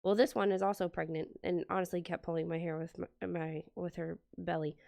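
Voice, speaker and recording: A woman's voice: lowish voice, little pitch movement, fairly quick, creaky, darkish tone, no echo, studio quality. A woman chatting casually as she decorates a planner, telling a story and acting out the quotes. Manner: chatty, many "like" fillers, acts out quotes. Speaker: planner vlogger. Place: home, indoors.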